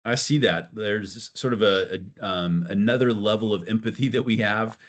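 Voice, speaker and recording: A middle-aged man co-hosting a podcast, speaking in a warm, reflective way and prompting his son with questions. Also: lowish voice, steady tone, normal speed. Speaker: podcast co-host, father. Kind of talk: casual conversation.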